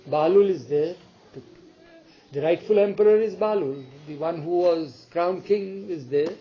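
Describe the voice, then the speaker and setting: A man's voice: high-pitched, a little slow, dull audio. A man retelling a spiritual story to an audience, acting out the dialogue and asking listeners questions as he goes. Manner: animated, acts out the dialogue, asks the audience questions.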